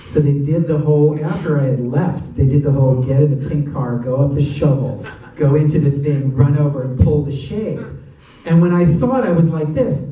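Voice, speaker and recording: A man answering audience questions after a screening, telling stories in a chatty, animated way and laughing often. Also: fairly high pitch, normal speed. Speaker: actor and guest of a Q&A. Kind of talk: audience Q&A storytelling. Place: cinema auditorium. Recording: echoey cinema from far off.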